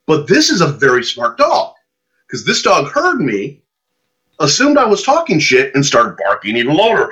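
A man's voice: on the high side, moderate pace, husky. A man telling a long casual anecdote as a podcast guest, acting out the lines of the people in his story. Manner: animated storyteller, acts out his own lines. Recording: muffled lo-fi podcast audio.

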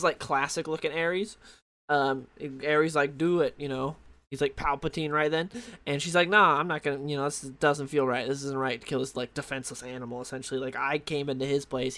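A man's voice: on the high side, a bit bright. A tired young man rambling casually through a comic book review late at night, losing his train of thought and filling gaps with "like" and "uh.". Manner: rambling, loses track, many fillers.

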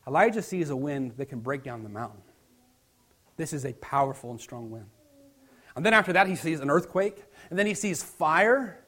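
Man preaching, loud then hushed. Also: on the high side, expressive, husky. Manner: dramatic swings between loud emphasis and hushed near-whispers; reads scripture aloud in a slow, declaiming cadence. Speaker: pastor. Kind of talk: sermon.

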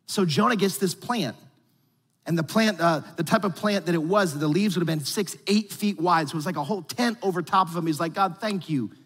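A man preaching a sermon with casual, animated delivery and slangy asides. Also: sits high, brisk, husky, big-room sound. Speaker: pastor.

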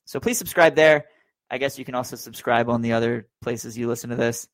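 A man's voice: mid-range voice, brisk, dry recording. A man hosting a casual sports podcast, talking in an easygoing way as he wraps up the show. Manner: easygoing, brings the show to a close. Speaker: podcast host.

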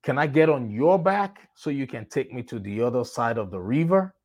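A man voicing a cunning male scorpion in a told fable, coaxing smoothly and persuasively. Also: mid-range voice, animated, moderate pace, a little mellow, close to an everyday voice.

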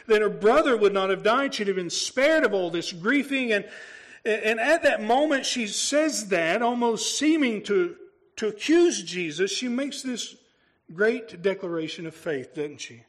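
High-voiced man preaching a conversational sermon. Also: animated, unhurried, a bit bright. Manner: conversational preaching with rhetorical questions. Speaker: pastor.

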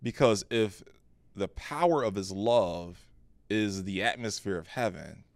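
A man with a low voice shares a heartfelt personal story in a casual podcast conversation. He talks in an earnest, animated way, often restarting his phrases. The sound is dry and close. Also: a little slow, no room sound. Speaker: pastor and podcast co-host.

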